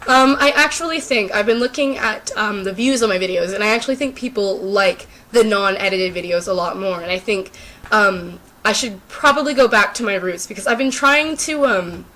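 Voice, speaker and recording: Her medium-pitched voice sounds pushed and bright, and she keeps a moderate pace. She's a teen YouTuber with a sore throat, casually rambling in an unscripted chat to camera, joking at her own expense and leaning on fillers.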